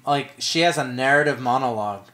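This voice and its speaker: A man's voice: medium pitch, brisk, bright, forceful tone. A man co-hosting a podcast, chatting about a movie in a laid-back way with crude jokes and lots of agreeing. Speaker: podcast co-host. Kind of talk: casual movie chat.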